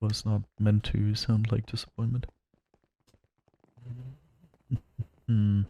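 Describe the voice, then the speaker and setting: A man's voice: lowish voice, level tone, slow pace, mellow. A male streamer chatting casually while playing a game, rambling and laughing often. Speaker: gaming streamer. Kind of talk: casual gameplay commentary.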